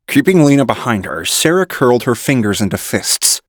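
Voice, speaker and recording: A man reading an audiobook in measured first-person narration. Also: medium pitch, very animated, no room sound, clean studio sound.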